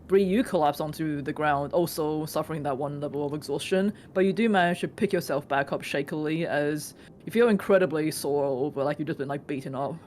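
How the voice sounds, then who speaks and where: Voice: medium pitch, a little fast, darkish tone, slight background noise. A game master describing scenes to players in a loose, casual way with many fillers. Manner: loose, filler-heavy narration. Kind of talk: narrating a tabletop game.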